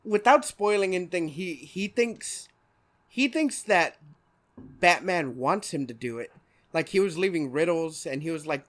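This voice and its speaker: A man's voice: fairly high pitch, expressive, measured pace, a bit bright. A young man hosting a podcast in casual chat, rambling with lots of swearing and laughter. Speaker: podcast host.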